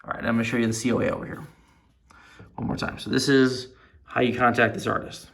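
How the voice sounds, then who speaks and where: A man with a gravelly, mid-pitched voice, talking through a collectible figure he owns. He rambles with excitement, trips over restarts and fillers, and keeps circling back to how impressed he is. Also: fast talker. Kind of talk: casual show-and-tell review.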